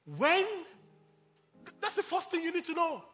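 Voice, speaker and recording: A man's voice: very high voice, very animated, a little slow, fairly bright tone, faint music behind. A man preaching a sermon as pastor, emphatic, calling out to the congregation and mixing in jokes.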